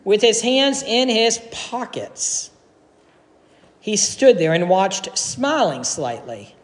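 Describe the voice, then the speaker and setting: A male pastor gives an earnest sermon in a church, quoting authors and pausing for effect. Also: high-pitched, very animated. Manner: earnest, quotes authors, dramatic pauses. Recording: long hall reverb.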